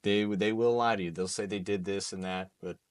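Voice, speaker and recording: A man hosting a podcast interview, asking long questions in a halting way and repeating words as he works them out. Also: lowish voice, fairly even intonation, clean tone. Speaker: podcast host.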